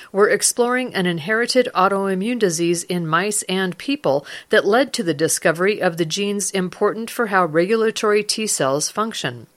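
A woman hosting a community radio news feature, reading scripted copy in a measured way. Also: mid-range voice, a bit bright. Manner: measured, reads news copy with dramatized quotes.

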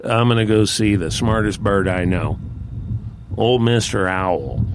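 A man's voice: on the low side, unhurried, noisy background. A man voicing a worried male raven who stammers in a flustered way.

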